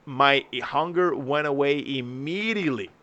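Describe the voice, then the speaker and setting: A young man hosting a casual podcast, telling profane, animated stories to his co-hosts. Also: on the high side, moderate pace, muffled recording. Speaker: podcast host. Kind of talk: casual chat.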